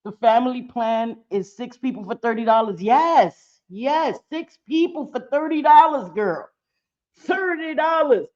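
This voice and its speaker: High-voiced, profane middle-aged woman streaming. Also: lively intonation, unhurried, a little mellow, muffled recording. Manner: blunt and profane, laughing often. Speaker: livestream host. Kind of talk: casual live-stream chat.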